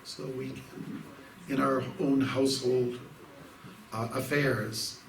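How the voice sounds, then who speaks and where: Gravelly-voiced monk, distant in a hall. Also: male voice, mid-range voice, steady tone, slow. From Canada. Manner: rambling storytelling with many fillers and restarts. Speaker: monk giving an evening talk. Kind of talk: informal devotional talk. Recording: roomy hall, distant mic, faint noise.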